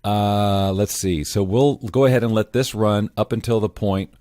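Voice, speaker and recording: Deep-voiced man, casual tutorial host. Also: fairly even intonation, normal speed, mellow, dry recording, clean studio sound. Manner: casual, self-correcting, clears throat often. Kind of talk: screen-recorded software tutorial.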